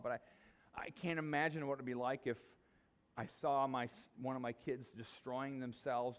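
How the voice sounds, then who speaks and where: A middle-aged man preaching a sermon in a conversational way, often restarting his sentences and acting out the voices of people in the story. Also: medium pitch. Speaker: pastor.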